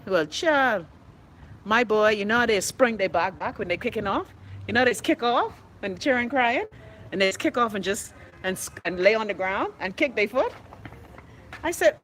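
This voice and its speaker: A Bahamian woman hosting her own livestream show, telling stories and reading viewer comments in a loud, animated way. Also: on the high side, moderate pace, rough recording. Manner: animated, loud storytelling with bursts of laughter.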